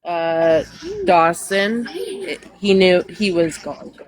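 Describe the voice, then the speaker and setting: A woman on a live stream talking slowly and hesitantly, with many fillers. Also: fairly low pitch, lively intonation, crowd noise, low-quality recording. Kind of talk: casual live stream chat.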